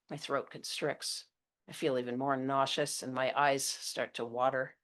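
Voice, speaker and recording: A woman's voice: extremely low pitch, flat delivery, unhurried, fairly bright tone. A woman narrating her own first-person serial story in a blunt, intimate, confessional manner.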